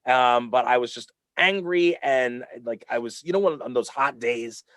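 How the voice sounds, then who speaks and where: A man telling a funny childhood story as a podcast guest, full of fillers and restarts, getting animated when he quotes himself. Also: medium pitch, moderate pace, dry recording. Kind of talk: casual storytelling.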